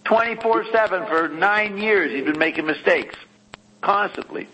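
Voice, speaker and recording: A man's voice: high-pitched, moderate pace, pushed and bright, slight background noise, rough recording. A man on a talk show who teases his co-host and laughs often in casual chat.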